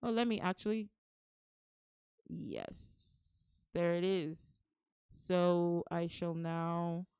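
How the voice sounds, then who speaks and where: A woman's voice: fairly low pitch, lively intonation, extremely slow, long pauses, a little mellow, clean tone, dry recording. A woman streamer chatting casually with her viewers, playful and teasing, putting on mock anger and laughing often. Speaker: streamer reading to chat.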